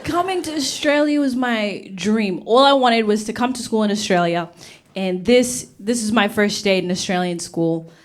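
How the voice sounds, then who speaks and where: A woman's voice: mid-range voice, normal speed, a faint crowd, a little hiss or hum. A young woman stand-up comedian from Uganda, telling stories on stage and acting out voices, sometimes dropping to a whisper for a punchline. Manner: animated, acts out voices, drops to whispers for punchlines. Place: comedy stage before a live audience.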